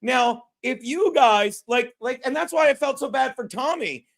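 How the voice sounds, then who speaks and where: A man's voice: extremely high pitch, lively intonation, moderate pace, gravelly, a bit bright. A man hosting a podcast, chatting casually and telling stories in a brash, profane way, often mimicking other people. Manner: brash, profane, storytelling with quoted voices. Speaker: podcast host. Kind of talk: casual chat.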